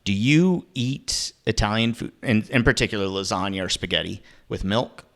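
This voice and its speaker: A man's voice: on the low side, normal speed, a bit bright. A man hosting a podcast, chatting casually in a rambling, self-deprecating way with lots of fillers. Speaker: podcast host. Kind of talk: casual chat.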